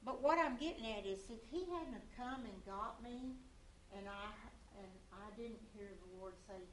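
A woman's voice: a little high, normal speed, a bit bright, distant mic. A woman in a church group sharing an earnest story about hearing God. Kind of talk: casual faith testimony. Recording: roomy room, faint noise.

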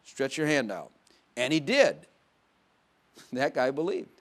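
A man preaching a sermon in a conversational way, dropping to quiet asides and rising to loud emphatic bursts, with frequent laughs. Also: medium pitch, big pitch swings, slow. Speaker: pastor.

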